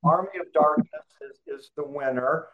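A man co-hosting a casual movie podcast, speaking haltingly with many fillers. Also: fairly high pitch, steady tone, narrow, tinny audio. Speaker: podcast co-host. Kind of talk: casual chat.

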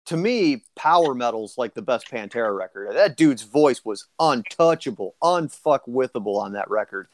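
A man of middling pitch co-hosts a casual chat, stumbling through restarts as he hunts for words. The recording is dry and close. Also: lively intonation, no echo. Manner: halting, many restarts and fillers. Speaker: podcast co-host.

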